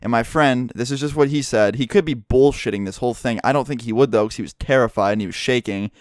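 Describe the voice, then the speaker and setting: A young man tells a story vlog in a lively, profane way, cursing all through. His voice is smooth and clear at a middle pitch, and the sound is dry and close to the mic. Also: fast talker, no room sound. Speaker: YouTuber.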